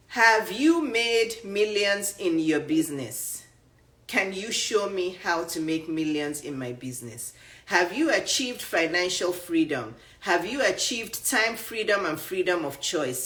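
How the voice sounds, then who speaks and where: A woman in her fifties with a Nigerian accent, giving a casual motivational talk to viewers, animated and full of rhetorical questions. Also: on the low side. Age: 50s. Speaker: dating and image coach. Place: live stream.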